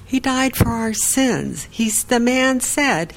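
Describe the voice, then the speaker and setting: A woman's voice: fairly high pitch, expressive, unhurried, few pauses, low-quality recording. A woman caller on a Christian talk show, telling a personal story about church and quoting the people she spoke with. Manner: chatty storyteller, quoting herself and others.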